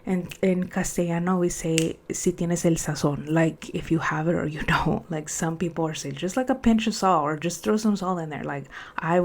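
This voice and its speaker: A woman's voice: low voice, steady tone, fairly quick, a little mellow. A young woman chatting casually to camera about her planners, open and emotional, now and then dropping to a whisper. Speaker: planner unboxing vlogger.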